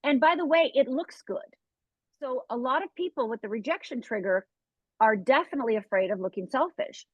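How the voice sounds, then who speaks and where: A woman's voice: high-pitched, expressive, fairly quick, no room sound. Emphatic woman coach on a dull video call. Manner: emphatic, acts out inner voices, tags "right?". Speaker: fear coach guest. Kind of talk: interview conversation.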